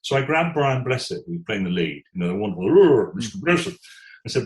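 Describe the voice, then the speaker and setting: A British theatre executive in his sixties telling stories in an interview, animated, often restarting words and quoting voices. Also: medium pitch, brisk, roomy sound, low-quality recording. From Britain. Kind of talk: conversational storytelling.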